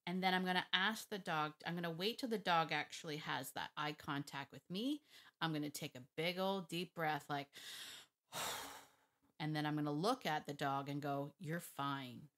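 A woman dog trainer explaining her methods in a casual, emphatic way, thinking out loud and laughing often. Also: sits low, a little fast. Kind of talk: casual talk to camera, teaching.

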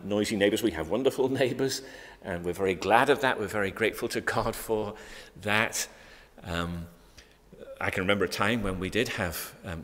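A man's voice: fairly low pitch, a bit bright, in a large hall. A man with a Northern Irish accent, a pastor giving an earnest, emphatic Bible study talk with frequent ums and restarts. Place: church.

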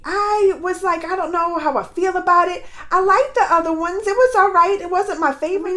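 High-voiced chatty woman reviewing a film. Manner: chatty, laughs easily, says y'all. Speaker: movie reviewer. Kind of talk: casual chat.

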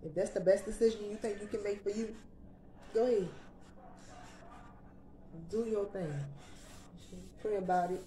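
A woman's voice: medium pitch, fairly even intonation, measured pace, pauses often, warm tone. Sassy young woman chatting in an echoey room. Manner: sassy, conversational, slangy. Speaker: vlogger. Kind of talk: casual chat to camera.

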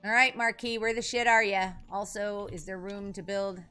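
A young woman streaming a video game, chatting casually and greeting her chat by name in an animated, jumpy way. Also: mid-range voice, normal speed, faint music behind.

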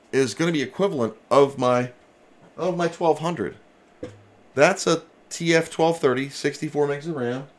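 A man hosting a casual livestream from his home workshop, chatting excitedly and swearing mildly as he opens packages. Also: fairly high pitch. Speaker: retro computer restoration channel host. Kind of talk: casual livestream mail-opening chat.

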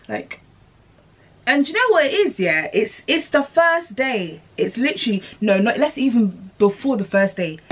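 A young woman chats straight to her viewers while she works on a wig. Her talk is casual and slangy, her pitch sits in the middle, and she bounces between asides and stories. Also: a little hiss or hum. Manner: chatty, animated, slangy, talks to viewers as sis. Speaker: beauty vlogger.

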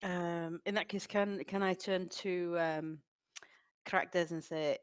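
A woman's voice: on the low side, steady tone, slow, clear, resonant tone. A woman player at a tabletop game who asks questions in a hesitant, casual way.

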